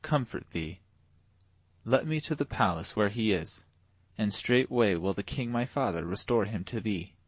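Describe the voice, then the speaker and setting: Man doing a calm proud little prince, quiet and low, fancy old speech. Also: a little slow, no echo. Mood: gentle dignity. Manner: gentle, formal archaic speech.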